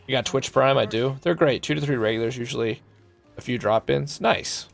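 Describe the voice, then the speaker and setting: A man's voice: mid-range voice, a little fast, creaky, soft background music. A man streaming a game live, chatting loosely with viewers, joking and swearing freely, thanking them by name. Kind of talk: casual live-stream chat.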